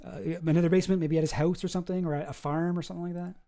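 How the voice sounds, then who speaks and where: A man's voice: fairly high pitch, fairly even intonation, very fast, mellow. A man streaming, reacting to a video in a rambling, exasperated way and swearing freely. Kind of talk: casual commentary.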